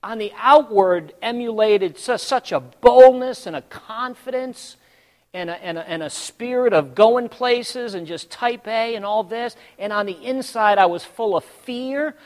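A man preaching a sermon to his congregation, telling a story dramatically and swinging between hushed and loud, calling out to the listeners. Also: high-pitched, unhurried, in a large hall. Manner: addresses the congregation directly.

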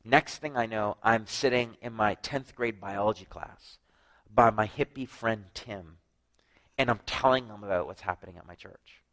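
A man preaching a sermon, telling his own story with lively acted-out dialogue and frequent drops to a hushed voice. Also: lowish voice, normal speed, low-quality recording. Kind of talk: sermon with personal testimony.

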